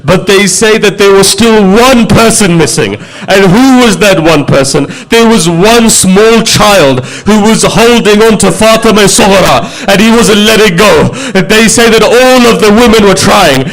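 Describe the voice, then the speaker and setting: A man's voice: sits high, expressive, a little slow, hardly any pauses. A male religious speaker delivering a mourning sermon, telling the story with feeling and posing rhetorical questions.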